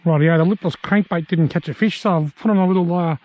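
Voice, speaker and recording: A man's voice: on the high side, fast talker, no room sound, dull audio. An Australian man vlogging his fishing trip, telling jokes and commenting casually to camera outdoors by a river. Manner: joking, chatty, tells gags between bites.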